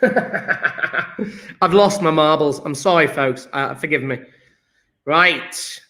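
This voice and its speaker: A man's voice: on the high side, slow, sharp tone. A man teaching a casual chemistry revision lesson, jokey and chatty, talking straight to his viewers.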